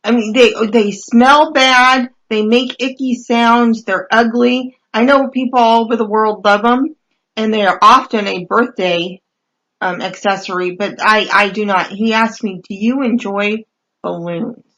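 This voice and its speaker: A woman with a fairly high voice tells comic stories in a casual way. She reads out dating-site messages in a wry, deadpan tone and trails off into hesitant fillers as she goes. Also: unhurried, poor audio. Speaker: podcast host reading dating-site messages. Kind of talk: casual comedic storytelling.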